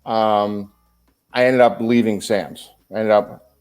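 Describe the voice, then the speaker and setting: A man around fifty, a former pro wrestler and podcast guest, telling stories in a casual, animated way and swearing freely. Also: fairly low pitch, slow, clean tone. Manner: animated storyteller, swears freely, acts out dialogue. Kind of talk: casual storytelling interview.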